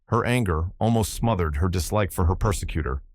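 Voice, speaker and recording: A man reads a crime novel aloud in steady, measured audiobook narration. His voice is very low and the sound is dry and close. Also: dry recording.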